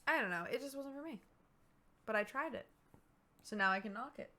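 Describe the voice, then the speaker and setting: A woman's voice: a little high, expressive, brisk, sharp tone. A young woman co-hosting a podcast in casual chat, teasing her partner playfully. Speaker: podcast co-host.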